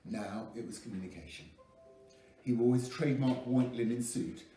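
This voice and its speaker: A man reading a novel aloud with lively expression. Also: mid-range voice, normal speed, soft background music. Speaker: audiobook reader. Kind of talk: scripted narration. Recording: echoey room, mic at a distance.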